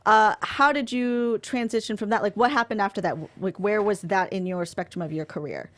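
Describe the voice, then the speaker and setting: This is a young woman hosting an interview. She reacts warmly and enthusiastically to her guest and drops a lot of likes into her questions. Her voice sits at an ordinary, everyday pitch for a woman. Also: brisk. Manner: warm, enthusiastic, says like a lot. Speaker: interviewer, host. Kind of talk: interview, casual chat.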